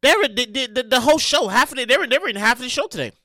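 A New York podcast host, a woman, talking casually and loudly to her listeners, swearing and venting as she goes. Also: on the high side, very fast, dry recording, clean studio sound. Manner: loud, animated, swearing, vents and shouts. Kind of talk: casual solo podcast chat. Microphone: close podcast mic.

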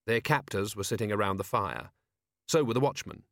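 A man reading an audiobook in calm, measured narration with dry humor. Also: fairly low pitch, vocal fry, dry recording. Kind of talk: scripted narration.

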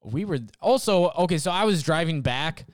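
Young man, casual rant, rambling and profane, smooth resonant voice, dry close sound. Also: a little high, lively intonation, moderate pace, no echo.

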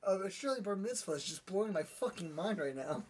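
A man's voice: high voice, expressive, brisk, darkish tone, a little hiss or hum. A young man co-hosting a podcast, talking in profane, rambling banter with friends. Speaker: podcast co-host. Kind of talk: casual chat.

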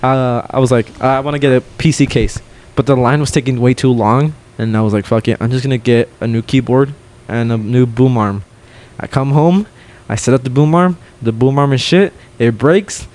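A young man co-hosting a podcast, telling a story in casual chat, swearing and loudly acting out what people said. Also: medium pitch, normal speed, few pauses. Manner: animated, swears a lot, acts out quotes loudly. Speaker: podcast co-host.

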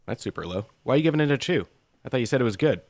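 A middle-aged man co-hosting a casual podcast chat, wry and quick to laugh, swearing casually. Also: medium pitch, animated, a little mellow, dry recording. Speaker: podcast co-host.

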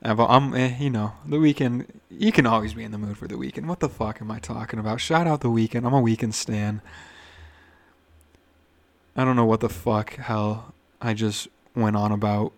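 A man's voice: medium pitch, fairly even intonation, moderate pace, vocal fry, dry recording. Rambling young man, dry close mic. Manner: rambling, swears freely, restarts often. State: nervous. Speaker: podcast host. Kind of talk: casual solo podcast rant.

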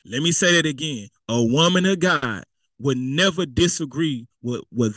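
A man's voice: medium pitch, expressive, measured pace, a bit bright, no room sound. A man preaching a sermon in a casual, conversational way, repeating himself and throwing in asides. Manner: conversational and repetitive, with spoken asides.

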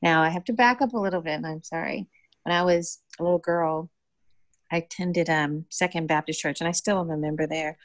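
A woman's voice: low-pitched, brisk, dry recording. A middle-aged woman in casual conversation, telling a long personal story and acting out the voices of the people in it. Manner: animated storyteller, acts out voices in dialogue. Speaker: community developer and guest.

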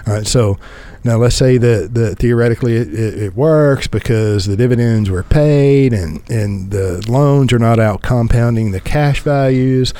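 A man's voice: medium pitch, measured pace, hardly any pauses, dark tone. A middle-aged man, a podcast host and financial advisor, explaining in a conversational way with emphatic rhetorical questions and repeated words.

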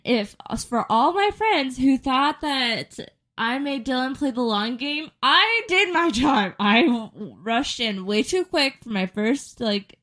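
A woman in her twenties, co-hosting a podcast, telling dating stories in casual chat and acting out the quotes. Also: fairly high pitch. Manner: animated storytelling, acting out quotes. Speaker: podcast co-host.

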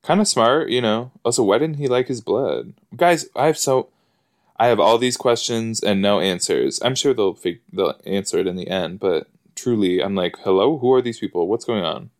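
A man giving casual, excitable commentary while watching an episode, chatty and full of fillers and gasps. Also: on the low side, normal speed. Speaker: podcast host reacting to an episode.

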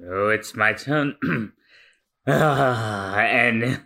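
Slow, halting man reading manga aloud. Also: mid-range voice, creaky, bright, forceful tone. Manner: hesitant, halting narration. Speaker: podcast co-host. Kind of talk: casual manga read-through.

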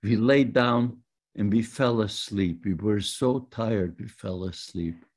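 Slow-spoken elderly man. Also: on the low side, darkish tone. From Poland. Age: older. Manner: slow, plainspoken, halting. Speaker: Holocaust survivor. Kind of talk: testimony storytelling.

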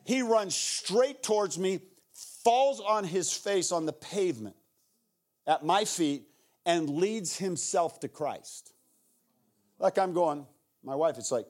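A middle-aged man preaching as a guest speaker, telling an animated story and acting out the people in it, with playful asides. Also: a little high, a little slow. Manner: animated, acts out the people in his stories. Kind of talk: sermon storytelling.

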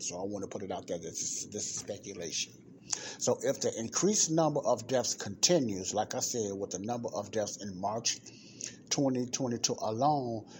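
A man with a fairly low voice reads statistics aloud to his listeners and stresses each point by saying it again. He talks straight to them and throws in rhetorical questions, over a faint hiss of background noise. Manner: emphatic, repeats figures and phrases for emphasis. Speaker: podcast host addressing a church audience. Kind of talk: reading aloud and commenting on a report.

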